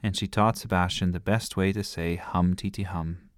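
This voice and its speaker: A man reading a bedtime story aloud in a gentle, lively storytelling manner. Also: deep voice, normal speed, no echo, studio quality.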